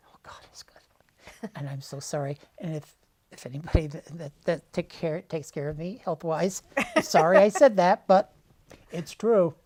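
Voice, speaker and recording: A woman from southern Vermont hosting a casual local talk show, chatting in a friendly way with quick reactions. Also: sits low, a little mellow. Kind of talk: casual chat. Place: local community TV studio.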